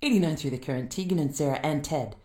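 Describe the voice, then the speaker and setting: A woman's voice: deep voice, quick pace, darkish tone, reverberant, soft background music. A woman hosting a radio interview, prompting guests with brief questions. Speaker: radio host. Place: radio studio.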